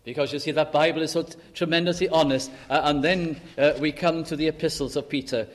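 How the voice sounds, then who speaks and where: An older man preaching a sermon, telling the story with feeling, acting out quoted dialogue and slowing down for emphasis. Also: on the high side, fairly even intonation.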